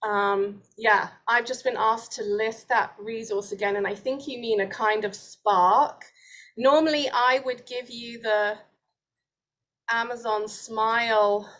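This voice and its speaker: A woman's voice: medium pitch, a bit bright. A British woman in her forties hosting a casual webinar conversation, chatty and enthusiastic with plenty of fillers. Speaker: host.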